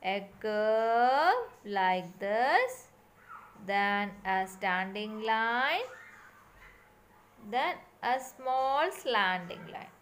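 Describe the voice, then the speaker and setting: A woman's voice: a little high, big pitch swings, drawn-out words, fairly bright tone. A woman teacher giving a recorded lesson for young children and repeating sounds and steps in a sing-song way.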